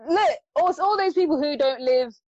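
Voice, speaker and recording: A woman's voice: sits high, brisk, a little mellow, dry recording, dull audio. A woman hosting an interview in a bubbly, talkative way, often laughing. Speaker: host.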